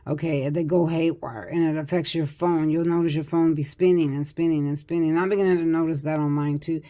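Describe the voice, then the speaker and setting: A woman's voice: low-pitched, fairly even intonation, brisk, mellow. An older woman giving a casual, chatty psychic tarot reading, repeating herself and laughing often. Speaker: tarot reader.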